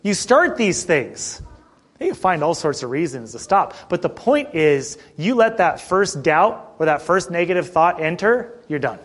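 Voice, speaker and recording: A middle-aged man preaching a sermon in a conversational way, asking the congregation questions and often clearing his throat. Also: fairly high pitch, sing-song, measured pace. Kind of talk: sermon with personal story.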